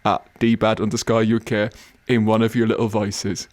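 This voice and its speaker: A man's voice: lowish voice, level tone, normal speed, darkish tone. An English man co-hosting a casual podcast, talking in a wry, self-mocking way. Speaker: podcast co-host.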